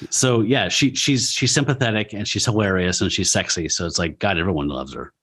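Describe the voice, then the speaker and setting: A man's voice: deep voice, a little fast, a bit bright, breathy edge. A man co-hosting a podcast, recapping a comic in a running play-by-play with wry asides. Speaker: podcast co-host. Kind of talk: casual comic-book podcast chat.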